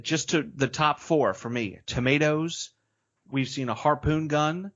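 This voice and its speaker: A man's voice: fairly high pitch, a little slow, a bit bright, muffled recording. A man appearing as a guest on a film podcast, chatty and opinionated, talking in a loose, slangy way. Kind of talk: casual film-review chat.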